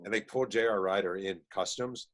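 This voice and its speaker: He speaks in a fairly low voice as a guest author spinning anecdotes. His pace surges in quick bursts, loaded with "like" and "um." It sounds animated and conversational rather than scripted. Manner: animated storyteller, quick bursts, many fillers. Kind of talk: casual storytelling chat.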